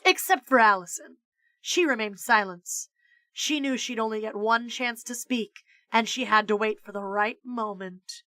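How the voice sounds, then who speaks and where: A woman streamer reading a children's book aloud in an expressive storytelling voice, jumping into high character voices. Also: moderate pace, no echo.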